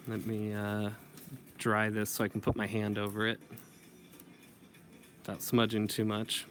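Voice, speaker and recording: A man's voice: lowish voice, slight background noise. A man teaching comic inking in a casual tutorial, thinking aloud and correcting himself as he works. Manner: thinking aloud while working, self-correcting. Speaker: comic book inker.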